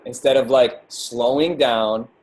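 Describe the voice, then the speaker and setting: A man leading a team talk, gently probing with questions and often saying "like". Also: mid-range voice, fairly even intonation, measured pace. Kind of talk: supportive group talk.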